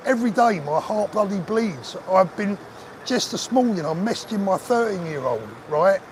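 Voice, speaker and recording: An older man talks straight to his viewers on a live stream, earnest and emotional, his voice sitting a little high for a man. Faint street noise and passing traffic hum behind him outdoors. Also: expressive, moderate pace. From England. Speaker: livestream host. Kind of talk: live-stream chat reading viewer comments.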